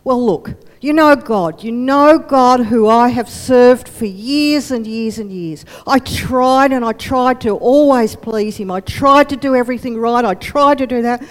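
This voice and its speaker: A woman's voice: fairly high pitch, slow. Woman acting out an overjoyed Paul. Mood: earnest. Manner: excited, urgent, pleading. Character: apostle Paul, grown man, overjoyed and earnest. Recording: long hall reverb.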